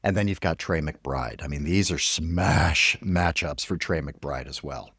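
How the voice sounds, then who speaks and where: A man co-hosting a sports podcast, hyped and animated with sarcastic asides. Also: rumbling low, a little slow, breathy edge, dry recording, studio quality. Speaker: podcast co-host. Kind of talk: energetic sports talk.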